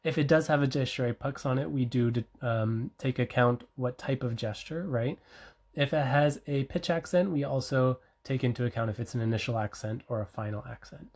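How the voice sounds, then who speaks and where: A researcher presents a study at a conference, mid-pitched and even-toned. The delivery is explanatory, with frequent ums, uhs and self-corrections. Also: fairly quick.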